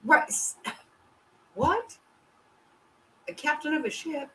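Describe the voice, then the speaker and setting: A woman hosting a casual livestream talks bluntly and swears constantly, her animated voice swinging up and down in pitch. She speaks slowly, on a low-quality recording with a little hiss or hum.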